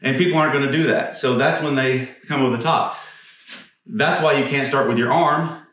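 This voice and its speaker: A man's voice: medium pitch, steady tone, brisk, fairly bright tone. A male golf coach talks through swing moves while demonstrating them, blunt and casual, with the odd curse. He gets short of breath from the swings. His voice rings in a very echoey space, picked up from some distance off the mic. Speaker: golf instructor.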